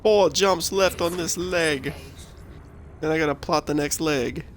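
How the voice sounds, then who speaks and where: A man's voice: a little high, unhurried, slight background noise. A man in casual gaming banter over voice chat, profane and joking.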